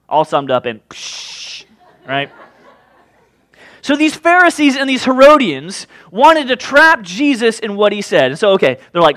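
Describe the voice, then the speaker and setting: Lively high-voiced male preacher. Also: a little slow, no echo. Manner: casual, joking, animated retelling. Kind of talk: sermon.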